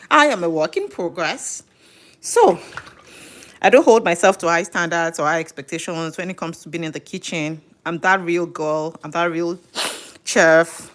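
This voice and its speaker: A woman's voice: lowish voice, a little hiss or hum. A middle-aged woman chatting casually while cooking live at home, thinking aloud and correcting herself as she goes. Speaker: home cook and live streamer. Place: home kitchen.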